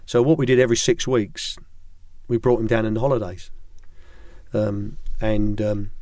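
A man's voice: lowish voice, fairly even intonation, moderate pace, a little mellow, no echo. An older man, a former football academy director, telling rambling anecdotes in a studio interview with many ums and restarts.

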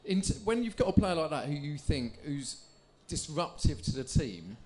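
A man co-hosting a live football podcast, his voice pitched a little high. He asks questions in an easy, chatty way and reels off vote tallies. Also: expressive, normal speed, a little mellow. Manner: reads results, chatty. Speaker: podcast host.

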